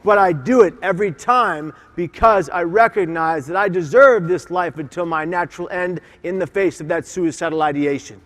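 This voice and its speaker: A man with a notably high voice delivers a motivational keynote with fervent emphasis, calling on the crowd to repeat his words. His voice rings out through a large conference hall with a long, trailing reverb. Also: normal speed, few pauses, fairly bright tone. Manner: impassioned, emphatic, leads audience call-and-response. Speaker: keynote speaker.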